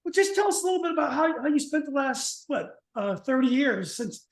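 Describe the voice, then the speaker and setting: Male host, very high voice, quick talker, echoey room. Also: very animated. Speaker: podcast host. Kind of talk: casual interview.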